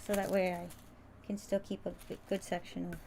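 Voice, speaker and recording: A woman's voice: lowish voice, flat delivery, fairly quick, dark tone, slight background noise. Chatty woman rambling through a sewing demo. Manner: chatty, rambling, stumbles over words. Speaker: crafter streaming a sewing demo. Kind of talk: casual livestream tutorial.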